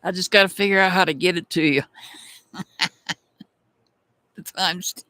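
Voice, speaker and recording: A woman's voice: fairly low pitch, fairly even intonation, moderate pace, sharp tone, no room sound. A woman hosting a tarot live stream, chatting casually and calling out viewers by name as she thanks them.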